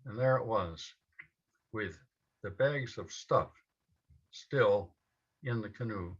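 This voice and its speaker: Male storyteller, unhurried and measured, husky edge, taped on muffled lo-fi gear. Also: lowish voice. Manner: slow, measured telling in short phrases. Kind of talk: personal story told to a live audience. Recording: dull lo-fi event recording.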